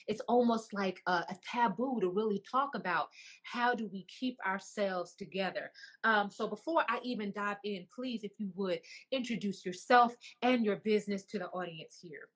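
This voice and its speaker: A woman's voice: medium pitch, fairly bright tone. A woman hosting a live online interview, effusive and emotional, often repeating herself. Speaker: host of a live business show.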